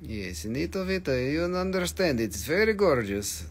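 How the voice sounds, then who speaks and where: A man's voice: a little high, sing-song, a little hiss or hum. Man selling stones live in broken English. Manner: halting, broken English with fillers and price talk. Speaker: host of a live crystal sale. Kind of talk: live sales patter. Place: shop, indoors.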